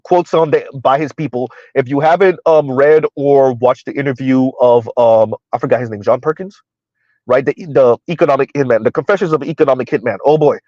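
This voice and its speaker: A man's voice: mid-range voice, mellow, dry recording. A middle-aged man hosting casual live-stream commentary, rambling with lots of fillers and laughs. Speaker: commentary channel host. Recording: dull, lo-fi dry recording.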